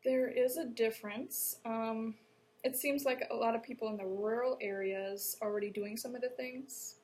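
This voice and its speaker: A woman's voice: fairly high pitch, steady tone, normal speed, a little mellow, slight background noise, low-quality recording. A woman from Wisconsin, a horticulture educator explaining plainly as an interview guest.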